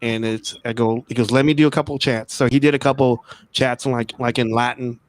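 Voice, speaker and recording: A man's voice: mid-range voice, fairly even intonation, a little fast, slight background noise. This is a man with a mid-range voice, casually telling a story over a remote call. He rambles, repeats words and restarts his sentences. He grew up in Texas. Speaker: guest.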